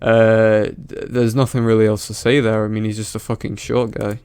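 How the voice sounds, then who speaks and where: A man's voice: on the low side, moderate pace, smooth, no echo. A man giving sarcastic, profane commentary over a viral clip he is reacting to. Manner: mocking, profane, flat delivery.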